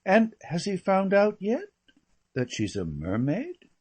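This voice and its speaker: A dry gentleman cousin pressing with brief questions, voiced by a man reading. The voice is husky, with pitch that rises and falls freely. This is an audiobook reading. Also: wildly swooping pitch, slow, full character voice. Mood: questioning. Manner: short, probing questions.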